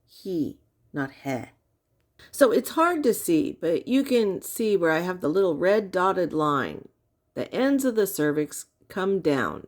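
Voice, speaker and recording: A woman with a lowish voice talks slowly, taking her time as she explains. Her commentary is casual and wry, with a teasing edge. She keeps tossing out rhetorical questions.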